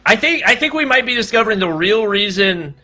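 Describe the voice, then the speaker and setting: Male esports caster, slightly high, bright tone; relaxed explainer of gameplay. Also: a little fast, soft background music. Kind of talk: live esports commentary.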